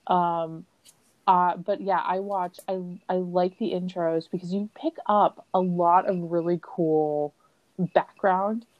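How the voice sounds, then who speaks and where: A woman's voice: lowish voice, takes it slowly, no echo, highs cut off. A woman in her thirties, a podcast host in casual chat, telling stories with lots of laughter and acted-out quotes. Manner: animated storyteller, laughs often, acts out quotes.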